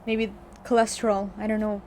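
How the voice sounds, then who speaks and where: A woman's voice: mid-range voice, flat delivery, a little fast, darkish tone, slight background noise. A young American woman streaming a video game, chatting casually in a rambling way and laughing often. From United States. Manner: giggly, rambling, breaks into frequent laughter.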